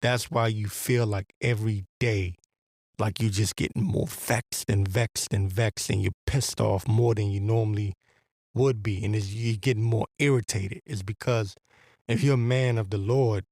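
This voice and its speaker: This man hosts a podcast, offering rambling, profane, blunt takes on religion with the edge of a preacher and plenty of restarts. His low-side voice is a little mellow, with fairly even intonation and a moderate pace. The audio is studio quality, free of echo.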